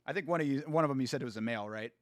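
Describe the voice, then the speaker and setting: A man hosting a casual live watch-along, excitable and profane, trash-talking fighters, reading viewer chat aloud and laughing often. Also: mid-range voice, very fast, no echo, studio quality. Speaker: host.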